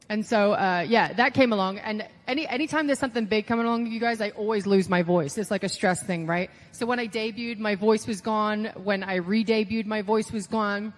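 Recorded in a large hall, a woman with a mid-range voice shares stories as a guest in a casual interview. She's chatty, leans heavily on "like," and animates her quotes of what others said.

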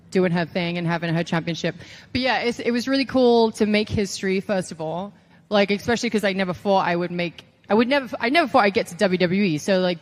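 A young woman speaks as a podcast guest in an easy, mid-pitched voice. She tells her stories in a loose, animated way, acting out quotes and swearing freely. It feels like a casual, lively chat. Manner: animated storyteller, acts out quotes, swears, laughs often. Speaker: podcast guest, pro wrestler.

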